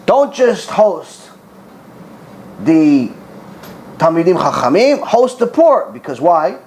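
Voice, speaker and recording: Middle-aged male rabbi, lively storytelling class delivery, high pitch with a wide range. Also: slow, slight background noise. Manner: animated storyteller, acts out dialogue, repeats for emphasis.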